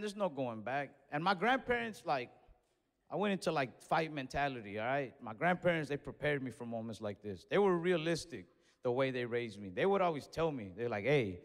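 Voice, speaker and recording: Animated stand-up comic man, big hall. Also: a little high. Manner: animated, acts out both sides of the story. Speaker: stand-up comedian. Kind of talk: stand-up comedy storytelling. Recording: live show with long hall reverb.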